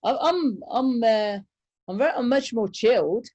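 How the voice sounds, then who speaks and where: A woman's voice: on the high side, lively intonation, normal speed, warm tone, highs cut off. Hesitant woman guest in casual chat. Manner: hesitant, many fillers and restarts.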